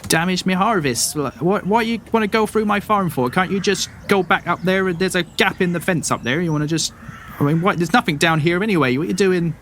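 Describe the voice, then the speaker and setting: Man doing a halfling farm mother, higher voice, fussy, scolding, faint noise. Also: brisk, a bit bright. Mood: wary. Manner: flustered and scolding.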